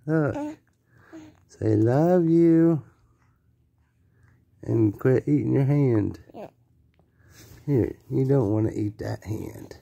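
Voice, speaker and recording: A father in gentle, coaxing, sing-song baby talk with his infant. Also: mid-range voice, slow, vocal fry, pauses often, husky.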